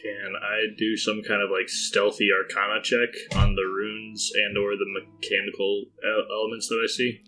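A man's voice: lowish voice, level tone, moderate pace, few pauses, bright, forceful tone, faint music behind. A man playing a tabletop game, asking polite, inquisitive questions. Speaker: player.

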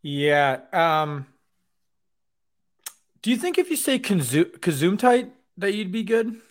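A man's voice: sits high, very animated, slow. A man co-hosting a comedy podcast, talking in a hesitant, stammering way. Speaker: podcast co-host.

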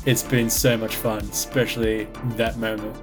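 A man's voice: on the low side, flat delivery, normal speed, over music. An Australian man who runs the game, teasing his players with lots of giggling in casual podcast banter. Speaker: game master.

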